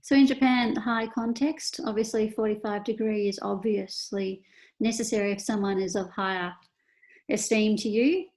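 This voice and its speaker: An Australian woman gives a relaxed lecture over slides, talking her students through each point. She moves between topics with small fillers and asides, at a middle pitch and easy pace. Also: moderate pace. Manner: explains casually, many fillers and asides. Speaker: teacher.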